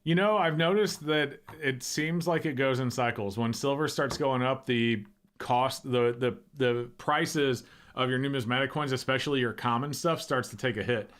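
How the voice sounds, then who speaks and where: Man, easygoing livestream host, mid-pitched, musing, chatty. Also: moderate pace. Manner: relaxed, thinks aloud with restarts. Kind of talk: casual livestream chat.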